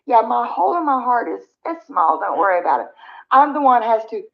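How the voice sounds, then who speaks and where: Speaking a little fast in a sing-song, slightly high, creaky voice, a middle-aged livestream host rambles and vents to her viewers with frequent sighs. The stream audio is dull and lo-fi.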